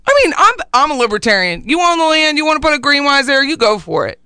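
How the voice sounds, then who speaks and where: A man co-hosting a casual talk show, opinionated and animated, laughing easily. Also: extremely high pitch, quick pace, no echo. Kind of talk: casual radio chat.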